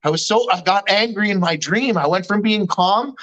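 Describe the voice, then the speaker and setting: A man with a notably high-pitched voice speaks in a loose, casual chat. He is candid and slangy, and he swears without holding back. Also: normal speed, fairly bright tone, dull audio. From Canada. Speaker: guest. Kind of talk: casual chat recounting a dream.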